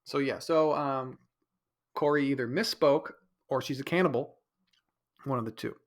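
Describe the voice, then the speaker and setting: A man with a medium-pitched voice hosts a casual solo podcast at a moderate pace, sounding slightly stuffy-nosed. He rambles, interrupts and corrects himself, and mimics others in a raised voice.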